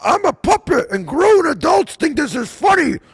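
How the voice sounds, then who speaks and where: A man voicing a smug, brash male puppet in a loud, shouted parody. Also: very high voice, sing-song, normal speed, creaky, dry recording, clean studio sound, pitched above the performer's own voice, exaggerated voice. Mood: mocking.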